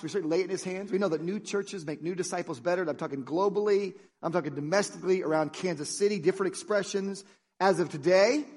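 A man preaching a sermon as pastor, energetic and jokey, with animated storytelling. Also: high-pitched, husky, in a large hall.

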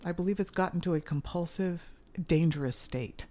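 A middle-aged woman talking as a guest musician in a casual interview, earnest and animated. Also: on the low side, normal speed. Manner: earnest and animated, with sudden loud mimicry.

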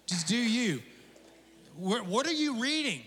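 A man preaching a sermon as pastor, conversational and animated, with casual asides and jokes. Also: very high voice, a little slow, husky. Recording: long hall reverb.

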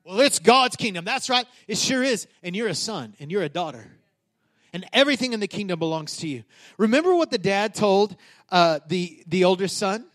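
Pastor, male, middle-aged, light high voice, chatty sermon delivery that swells into emphatic lines. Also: sing-song, moderate pace, a bit bright. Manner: conversational preaching with rising emphatic peaks.

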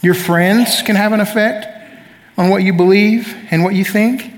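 Middle-aged male pastor, high voice, emphatic sermon delivery with call-and-response, church hall reverb. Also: fairly even intonation, moderate pace. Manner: emphatic, calls for audience responses. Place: church sanctuary.

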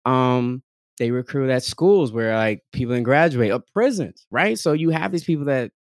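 A man talking in a loose, casual way, circling through thoughts with plenty of fillers. He slips into acted-out voices of other people and laughs along the way. His voice sits at a middling pitch and sounds dry and close, with no room around it. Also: normal speed, no room sound. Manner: animated storytelling, acts out quoted voices, laughs often; frequent fillers like "like" and "um". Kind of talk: casual conversation.

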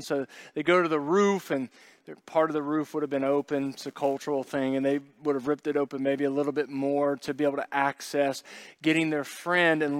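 A male pastor delivers a sermon in a loose, conversational style, slipping in jokes and putting on little voices for the people in his story. His voice sits a bit high for a man and sounds smooth and clear. The sound is close and dry. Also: fairly bright tone, no echo. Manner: conversational, joking asides, acts out quoted voices.

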